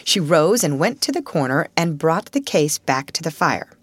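Expressive woman narrator for a storybook, measured, low and dry. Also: slightly rough, no room sound. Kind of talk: audiobook narration.

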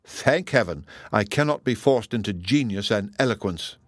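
A man voicing a reserved young gentleman in an audiobook reading, wry and gently mocking. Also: fairly low pitch, animated, moderate pace, no room sound, studio quality.

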